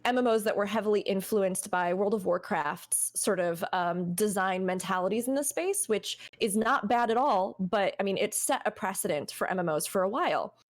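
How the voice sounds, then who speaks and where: A woman's voice: mid-range voice, normal speed, few pauses. A young woman chatting on a gaming podcast in an earnest, talkative way. She gives advice and now and then acts out what a player might say. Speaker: podcast guest. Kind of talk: casual podcast chat.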